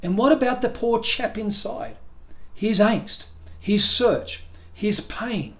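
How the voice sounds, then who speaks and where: A man's voice: high-pitched, slow, gravelly, fairly bright tone, pitched above the performer's own voice, heavily acted. A man voicing an opinionated male squirrel who talks in a fussy, emphatic, proper way, in a storybook reading.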